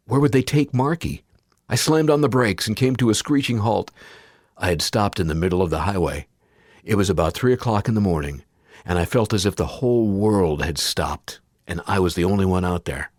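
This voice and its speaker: Male audiobook narrator, very low voice, dry close sound; first-person memoir read. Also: animated, a little fast, no room sound. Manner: acts out anguished quoted cries, rising to pleading.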